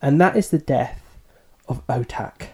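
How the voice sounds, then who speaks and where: A man co-hosts a book podcast in a casual chat, his mid-range voice mellow, warm and husky. He talks a little slowly and thoughtfully, somewhat self-deprecating, hedging his opinions.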